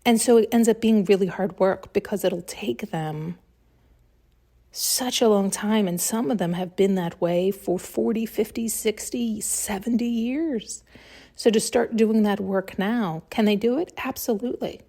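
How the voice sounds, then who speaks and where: Husky gravelly woman ranting on her podcast, blunt, swears a lot. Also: mid-range voice, unhurried, mellow. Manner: blunt and heated, swears freely. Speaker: podcast host. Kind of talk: intuitive reading, solo monologue.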